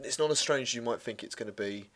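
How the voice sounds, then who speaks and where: A man's voice: mid-range voice, fast, fairly bright tone. A man co-hosting a podcast, chatting casually about a film with lots of restarts and laughter. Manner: rambling, self-correcting, laughs often. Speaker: podcast co-host.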